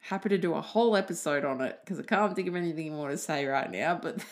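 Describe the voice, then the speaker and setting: A woman hosting a casual solo podcast, chatty and animated, swearing freely. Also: on the low side. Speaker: podcast host.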